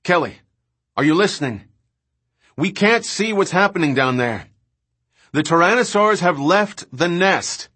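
A man's voice: sits high, lively intonation, unhurried, long pauses, sharp tone, pitched above the performer's own voice, full character voice. A man reading an audiobook, voicing a worried man calling urgently over a radio. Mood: anxious. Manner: urgent, anxious.

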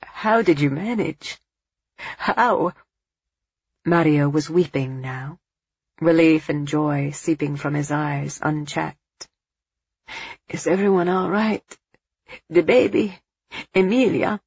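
A woman voicing a desperate, relieved father in a storybook reading, soft-spoken and tearful. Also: sits low, slow, pauses often, husky, no echo, highs cut off, full character voice.

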